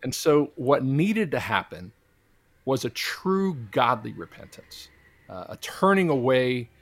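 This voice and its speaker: A man's voice: medium pitch, sing-song, a little slow, no echo. Earnest preaching man, dry close mic. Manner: earnest, preacherly, quotes scripture. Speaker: guest, Christian minister. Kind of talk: conversational interview testimony.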